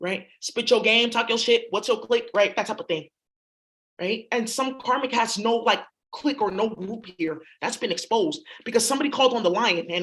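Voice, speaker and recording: A woman's voice: fairly high pitch, moderate pace, a bit bright, rough recording. A woman giving a spiritual reading in a blunt, profane, rambling monologue. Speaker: astrology reader.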